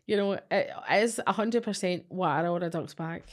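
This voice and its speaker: A woman's voice: lowish voice, moderate pace. Blunt Scottish woman, sweary storyteller. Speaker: podcast co-host, psychic. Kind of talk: casual chat.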